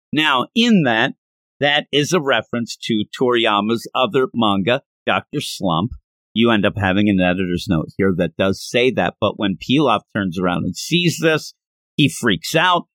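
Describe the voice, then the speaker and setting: A man hosting a podcast, chatting through a comic chapter in an amused, animated way. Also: mid-range voice, moderate pace, no echo. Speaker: podcast host. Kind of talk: manga reading and commentary.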